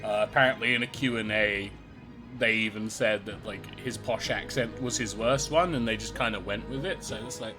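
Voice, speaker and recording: A man's voice: fairly low pitch, normal speed. A young British man chatting casually as he streams a game, laughing between comments. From Britain. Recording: clear game music behind.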